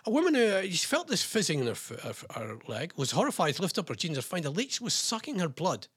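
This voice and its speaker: A British man hosts a radio show in a husky, fairly high voice that swings up and down a lot. He rambles through listener messages and quirky news with plenty of fillers and jokey asides, recorded dry and close on the mic. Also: wildly swooping pitch, fast, fairly bright tone, no room sound. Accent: British English. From England.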